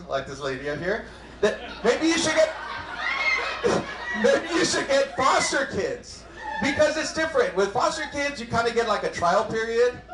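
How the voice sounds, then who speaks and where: A man in his thirties performing a stand-up comedy set on a club stage, acting out his family's lines in quick animated bursts. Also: sits high. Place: comedy club stage before a live audience. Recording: roomy club sound.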